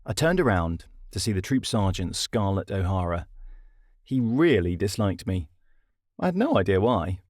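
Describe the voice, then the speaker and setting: Wry, self-deprecating British male narrator for a comedy audiobook; animated, dry studio sound. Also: sits low, normal speed, dry recording. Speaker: narrator and author.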